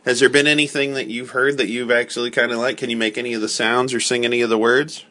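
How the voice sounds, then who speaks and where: An American man hosts a relaxed conversation, asking questions and explaining ideas with patience. His voice is bright and forward. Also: mid-range voice, fast talker. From United States. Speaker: podcast host. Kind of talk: casual chat.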